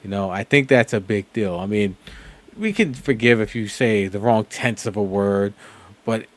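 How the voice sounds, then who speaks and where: A man's voice: on the low side, expressive, normal speed. A man hosting a reaction video, talking in a rambling, casual way with fillers and profanity. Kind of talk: casual commentary.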